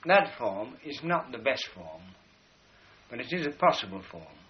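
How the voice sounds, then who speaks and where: A man delivers a rambling philosophical lecture, gesturing toward drawings as he explains. His mid-range voice is very animated but measured in pace. The lo-fi recording is dull, with a faint hiss.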